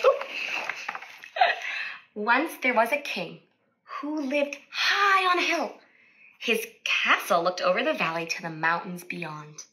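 A woman speech-language therapist reading a picture book aloud to children, animated and stopping to ask questions. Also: fairly high pitch, rough recording.

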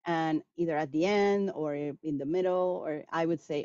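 Woman explaining language teaching, kinda low voice, bit muffled dry sound, acts out students. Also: moderate pace, hardly any pauses, no room sound. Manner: animated, acts out quoted students. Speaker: guest speaker on language teaching. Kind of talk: lecture Q&A answer. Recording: dull lo-fi sound.

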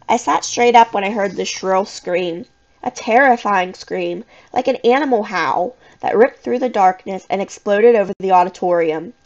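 A woman reads a spooky children's book aloud in the first person. Her reading is expressive and suspenseful, with a moderate, ordinary pitch for a woman. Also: moderate pace, dull audio. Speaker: audiobook reader. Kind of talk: storybook narration in first person.

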